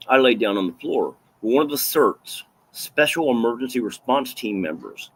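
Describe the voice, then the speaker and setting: A man's voice: mid-range voice, lively intonation, moderate pace, hardly any pauses, slightly rough. A man casually telling a personal story on camera, rambling and profane, repeating himself for emphasis. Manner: rambling, profane, with restarts and fillers. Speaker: vlogger recounting a personal story.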